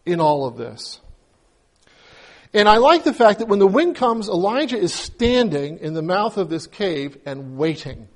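A man preaching a conversational sermon, retelling the story with humor and acting out the characters' pleas with rising emotion. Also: a little high. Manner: conversational, acts out biblical voices with rising emotion. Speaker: pastor.

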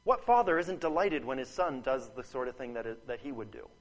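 A man's voice: mid-range voice, lively intonation, a little fast, rough recording. A man preaching a sermon in an earnest, emphatic way. He repeats his phrases and checks in with his listeners by asking "Right?".

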